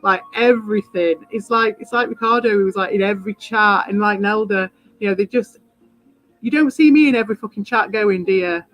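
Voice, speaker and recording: A woman talks through her game on a live stream, wandering from thought to thought and cursing freely whenever something winds her up. Her voice sits at an ordinary middle pitch, and soft music plays faintly underneath. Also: fairly quick, low-quality recording. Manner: rambling, swears freely, gets worked up. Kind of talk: casual live-stream chat while playing.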